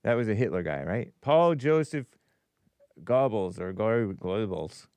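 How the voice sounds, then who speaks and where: Guy hosting a call-in stream, smooth clean voice, dry close mic, thinking out loud as he goes. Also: on the low side, big pitch swings, measured pace, no room sound. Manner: musing aloud, stumbling over pronunciations. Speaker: host of a call-in show. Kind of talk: casual live-stream chat.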